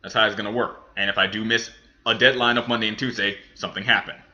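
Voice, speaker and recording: A man's voice: lowish voice, steady tone, fast talker, sharp tone, highs cut off. A man hosting a reaction video, reviewing a cartoon episode in a rambling, casual way with many restarts. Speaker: reaction channel host.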